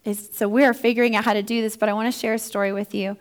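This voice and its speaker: A woman's voice: fairly high pitch, flat delivery, rapid-fire. A woman in her thirties, founder of a ministry for first responder families, giving an earnest, heartfelt personal testimony. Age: 30s. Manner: earnest, heartfelt, acts out quoted dialogue.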